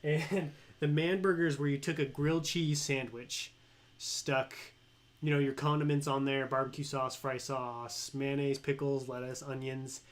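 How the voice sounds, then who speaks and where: A young adult man co-hosting a livestream, joking and telling stories in a relaxed, casual way. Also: mid-range voice, unhurried. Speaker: livestream co-host.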